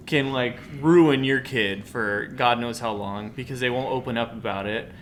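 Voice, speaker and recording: A man's voice: medium pitch, a bit bright, a little hiss or hum. A man co-hosting a movie review podcast in casual chat, earnest and running on in long sentences. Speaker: podcast co-host.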